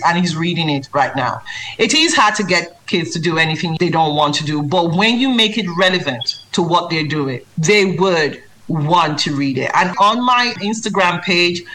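A woman speaking as a children's book author in an interview. She talks earnestly and with emphasis. She turns lively when she mimics reading aloud to a child. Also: fairly low pitch, rough recording. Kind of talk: interview answers.

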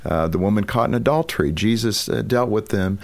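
A man's voice: lowish voice, brisk. A man appearing as a guest author in a conversation, speaking in an earnest, reflective way. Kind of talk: casual chat.

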